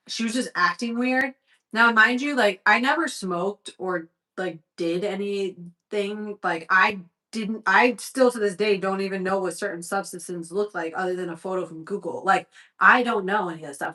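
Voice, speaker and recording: A young woman on a livestream, telling a story from her own life in loose, candid chat. Her voice is bright and forward, and she swears freely and says "like" constantly. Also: mid-range voice.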